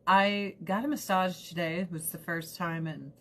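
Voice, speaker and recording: A woman's voice: lowish voice, fairly even intonation, normal speed, slight background noise. A woman in her thirties from the United States, chatting casually and rambling to the camera as a vlogger, swearing now and then.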